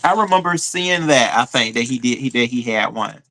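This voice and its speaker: A man hosting a live stream, telling a story in a chatty, animated way and answering viewer comments. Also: medium pitch, brisk. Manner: animated storytelling, addresses viewers as y'all, frequent fillers. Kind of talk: casual live stream chat reading comments.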